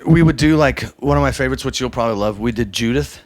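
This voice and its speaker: A man tells long, meandering band stories in a casual interview. His voice sits at an ordinary middle pitch, and he talks loosely and profanely, slipping into quick impressions of the people he quotes. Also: no room sound. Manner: loose, profane, rambling storyteller who acts out quoted voices. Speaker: drummer, interview guest.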